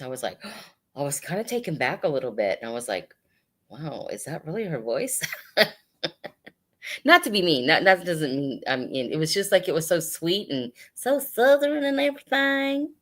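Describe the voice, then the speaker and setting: A woman's voice: on the low side, lively intonation, normal speed, fairly bright tone. A woman hosting a casual live sale, chatting and laughing with her viewers as she shows hat pins. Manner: chatty, laughs often, addresses viewers directly. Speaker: live-stream seller of hat pins and jewelry.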